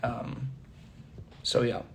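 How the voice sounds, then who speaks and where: A young man in casual livestream chat, reading fan comments aloud, laughing often and hopping between languages as he answers. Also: very slow. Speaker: actor answering fans.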